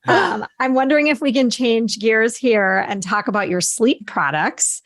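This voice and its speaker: A woman's voice: a little high, a little slow. A woman hosting a podcast interview, who laughs easily and sounds enthusiastic. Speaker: podcast host.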